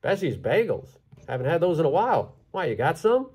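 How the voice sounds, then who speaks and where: A man's voice: fairly high pitch, big pitch swings, a little fast, darkish tone, breathy edge, full character voice. A man voicing a by-the-book male postman who speaks officiously.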